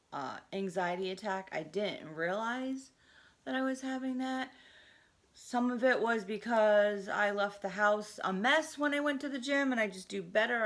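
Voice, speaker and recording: A woman's voice: medium pitch, a bit bright, dry recording. A woman in her fifties from Connecticut with a light Southern drawl, chatting to camera in a rambling, hyper way that jumps from thought to thought. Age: 50s. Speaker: vlogger. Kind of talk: casual chat to camera.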